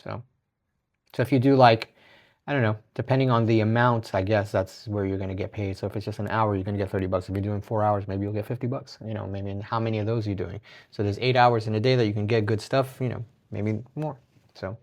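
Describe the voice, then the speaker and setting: A man's voice: fairly low pitch, level tone, quick pace, darkish tone. A man hosting his own podcast, talking in a loose, rambling way with frequent restarts, laughs and casual swearing. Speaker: podcast host. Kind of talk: casual solo podcast monologue.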